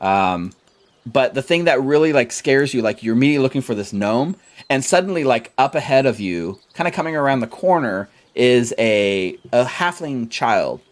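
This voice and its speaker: A man's voice: medium pitch, expressive, normal speed. A man narrating as game master, loose and chatty with lots of fillers.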